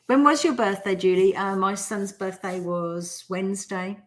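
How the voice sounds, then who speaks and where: A woman's voice: medium pitch, steady tone, unhurried. Chatty Australian woman hosting a live stream. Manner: chatty storyteller who acts out quotes. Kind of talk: casual live-stream talk on manifesting.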